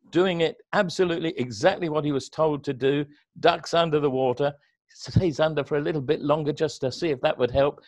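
Man, fairly high voice, church storyteller who acts out the characters' lines, dry close recording. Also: dry recording. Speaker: minister leading an online service. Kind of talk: conversational Bible discussion.

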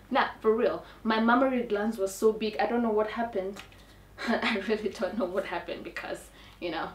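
A young woman with a Kenyan accent telling a comic personal story in a dramatic, animated way. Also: on the high side, slight background noise. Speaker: storyteller on a talk show. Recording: echoey room, mic at a distance.

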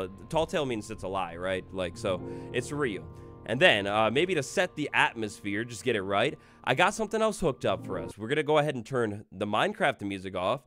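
A young man streams a game live, his voice jumping up and down in pitch as he rambles and talks straight to his chat. He speaks in a loose, casual way, with faint music playing behind him. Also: a bit bright.

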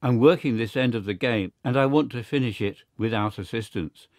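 A man voicing a cool, confident male secret service agent who talks briskly and matter-of-factly. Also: mid-range voice, a little mellow, no room sound, clean studio sound, close to an everyday voice.

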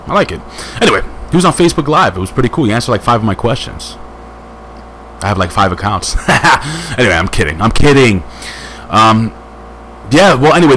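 A man casually reviewing a wrestling show, rambling and joking with quick asides, hyped up on strong coffee. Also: fairly low pitch, slight background noise. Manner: rambling, jokey, lively asides.

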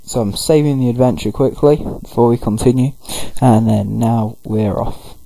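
A man's voice: medium pitch, normal speed, vocal fry, mellow, no room sound, poor audio. Rambling male let's-play narrator. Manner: rambling, loose, full of fillers. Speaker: gaming video host. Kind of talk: casual let's-play commentary.

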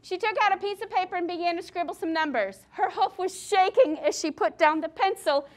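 A woman teacher reading a picture book aloud to children, lively and asking the class questions along the way. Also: very high voice, a little fast.

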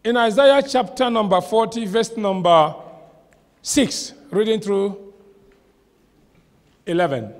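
A man preaching a sermon as a pastor, shouting some lines and slowing hard on others. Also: high voice. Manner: preaching with sudden shouts and dramatic slow stretches. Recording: long hall reverb.

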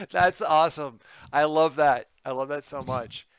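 A man's voice: on the high side, expressive, takes it slowly, fairly bright tone, clear, resonant tone, dry recording, highs cut off. A man narrating a tabletop game as game master, talking in a rambling, easygoing way with many ums and restarts.

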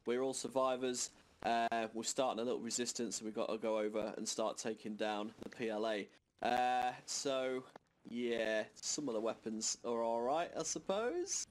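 A man's voice: mid-range voice, moderate pace, slight background noise. A man leading his squad in a military game, giving a rambling, casual briefing over voice chat with a headset. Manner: relaxed, rambling orders with fillers.

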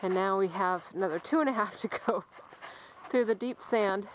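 Out on a forest and dune trail, a panting woman narrates her hike to the camera in a chatty way, calling out to her dogs. Her voice sits at medium pitch and moves at a moderate pace. The handheld camera mic captures poor audio with constant background noise.

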